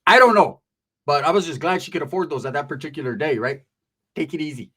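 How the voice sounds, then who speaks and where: A man telling a comic story in an animated, profane, slang-heavy way. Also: a little high, fast, husky. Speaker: comedian.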